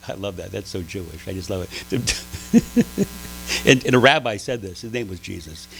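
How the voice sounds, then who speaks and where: A man giving a conversational sermon at a spiritual center, telling stories with lively pitch swings and frequent restarts. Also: moderate pace, vocal fry, a little hiss or hum, rough recording. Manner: animated storytelling, frequent restarts.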